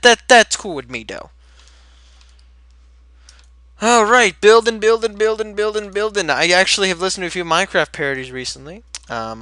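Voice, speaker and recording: A man's voice: mid-range voice, bright, forceful tone, no echo. A young man, rambling energetically as he chats through a gameplay commentary. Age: late teens. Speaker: Let's Play host.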